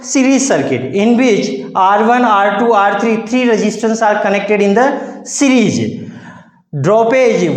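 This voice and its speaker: A man's voice: sits high, echoey room, low-quality recording. A man teaching physics, constantly posing rhetorical "what?" questions and answering them himself. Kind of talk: classroom lecture.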